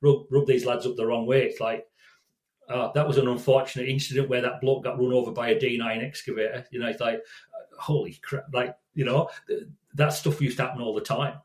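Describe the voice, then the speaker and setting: A man's voice: medium pitch, steady tone, fairly quick, darkish tone. Man in his sixties, rambling storyteller, restarts often, echoey room. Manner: rambling, repeats words and restarts. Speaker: guest, safety consultant. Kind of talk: storytelling in casual interview.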